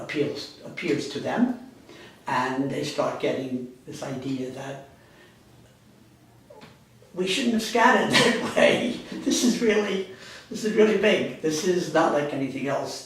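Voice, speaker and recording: A man's voice: mid-range voice, fairly even intonation, moderate pace, slight background noise. A man giving a university lecture in a rambling, conversational way, correcting himself often. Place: classroom. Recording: echoey classroom, speaker far from mic.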